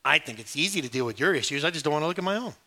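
A middle-aged male pastor preaching a sermon, joking and storytelling with sudden hushed asides. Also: a little high, lively intonation, very fast.

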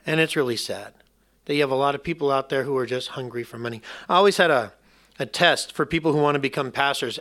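Bright-voiced man preaching a sermon. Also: mid-range voice, fast. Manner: emphatic, conversational, joking. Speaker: pastor.

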